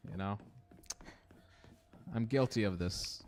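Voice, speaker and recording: A man's voice: on the low side, slow pace, darkish tone, a little hiss or hum. A young man streaming a horror game, chatting casually, swearing and answering his chat. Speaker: gaming streamer. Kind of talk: casual let's-play commentary.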